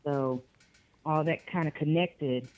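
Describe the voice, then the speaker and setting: A woman's voice: low-pitched, takes it slowly, muffled recording. A woman from Boston, an author being interviewed, talking casually and animatedly in bursts. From Boston, Massachusetts. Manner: animated, laughs often, talks in bursts. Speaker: author guest.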